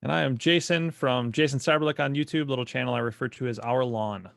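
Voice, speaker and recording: A man's voice: mid-range voice, quick pace, vocal fry, a bit bright, no room sound, clean studio sound. A man co-hosting a casual garden podcast, laid-back and joking. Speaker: podcast co-host.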